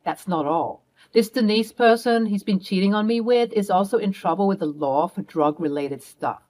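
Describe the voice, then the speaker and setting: A woman's voice: mid-range voice, normal speed, a little mellow, close to an everyday voice. Woman reading as a fierce, accusing mother. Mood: confiding. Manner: firm, accusing, commanding. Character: fierce protective middle-aged mother.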